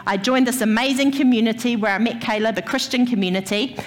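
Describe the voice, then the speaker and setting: A woman's voice: fairly high pitch, fairly even intonation, fast talker, long reverb tail. A woman gives a church sermon, telling a personal story and speaking straight to the congregation. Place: church hall.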